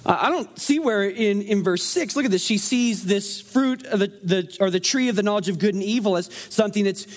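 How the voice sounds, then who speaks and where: A man preaching a sermon in a conversational, animated way, asking the room rhetorical questions. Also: high-pitched, fairly quick, few pauses. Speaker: pastor.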